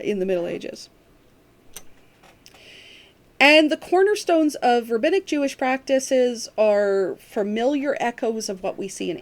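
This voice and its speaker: A woman's voice: medium pitch, darkish tone. A woman giving a recorded university lecture, explaining step by step with frequent ums and restarts.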